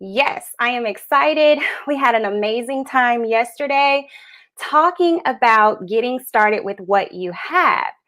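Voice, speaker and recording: A woman's voice: a little high, expressive, slow pace, a bit bright. A woman hosting a live business tips stream, upbeat and chatty, a little out of breath. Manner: upbeat, chatty, greets viewers as they join. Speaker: host of a business tips livestream. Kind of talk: live-streamed coaching talk.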